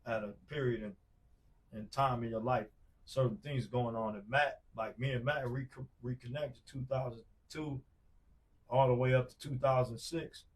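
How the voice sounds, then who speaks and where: Brief: man, forties, from Wisconsin, podcast guest storytelling, loose slang, mid pitch, recorded a bit off-mic. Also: steady tone, unhurried. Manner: loose, slangy, many fillers and repeated "bro". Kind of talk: casual storytelling chat. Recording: distant mic.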